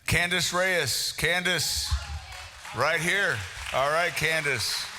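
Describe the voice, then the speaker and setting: Taking his time, a man with a slightly high voice hosts a meeting-hall prize raffle, teasing folks as he shouts out names. His tone is bright and forceful, and the spacious hall adds a long reverb.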